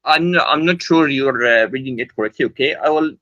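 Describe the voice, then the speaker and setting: A man defending his view in a heated religious debate, halting and asking for time to answer. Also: mid-range voice, pushed and bright, muffled recording. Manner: defensive, halting, asks for a second.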